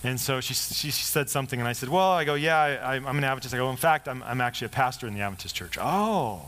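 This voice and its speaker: A man's voice: mid-range voice, fast talker. Man pastor telling a story in a sermon. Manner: conversational storytelling, lively quoted dialogue.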